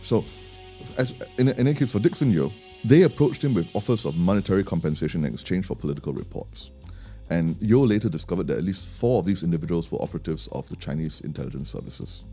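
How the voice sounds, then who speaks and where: A man's voice: low-pitched, lively intonation, fast, dark tone, slightly rough, faint music behind. A man with a Singaporean English accent, co-hosting a podcast and telling a story in a chatty way, often restarting his sentences. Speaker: podcast co-host. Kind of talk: casual storytelling chat.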